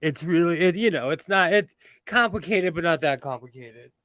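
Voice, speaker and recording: A man's voice: a little high, animated, normal speed, fairly bright tone, no echo, studio quality. A middle-aged man hosting a casual sewing livestream from home, chatty and self-mocking, reading chat questions aloud.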